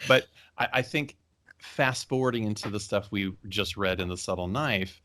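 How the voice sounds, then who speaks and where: A man's voice: lowish voice, steady tone, unhurried, fairly bright tone. A man co-hosting a fan podcast, talking thoughtfully with hesitant restarts and wry jokes. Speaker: podcast co-host. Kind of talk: casual fan discussion.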